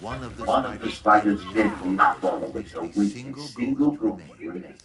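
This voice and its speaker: A man voicing a solemn game narrator, telling the tale in a grave, measured way. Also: lowish voice, fairly bright tone, echoey room, recorded from a distance, soft background music, close to an everyday voice.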